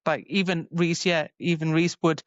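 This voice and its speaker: A woman's voice: low-pitched, steady tone, normal speed, dry recording. A woman co-hosting a casual book-club podcast, chatting about a novel and filling her retelling with "like". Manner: chatty, retells scenes with lots of "like". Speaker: podcast co-host. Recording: dull lo-fi sound.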